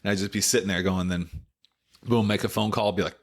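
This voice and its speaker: A man in his late thirties with a notably deep, low-pitched voice, telling a long personal story in a relaxed podcast interview. He rambles through it, stacking up "like" and "you know" and restarting his sentences as he goes. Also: fast. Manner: rambling, filler-heavy retelling full of "like" and "you know". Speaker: former baseball pitcher, podcast guest.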